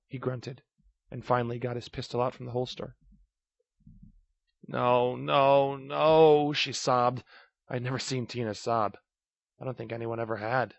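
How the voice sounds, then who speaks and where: A man reading a first-person story aloud, raising his voice to act out the shouted lines. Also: mid-range voice, no room sound. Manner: acts out shouted lines of dialogue. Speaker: narrator. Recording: dry, slightly dull recording.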